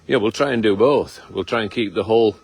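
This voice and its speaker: A middle-aged man with a lowish, husky voice talks fast as he hosts a casual live walkabout outdoors on his farm. As farmer and host, he's chatty and teasing, with lots of fillers, and someone nearby films him on a phone camera.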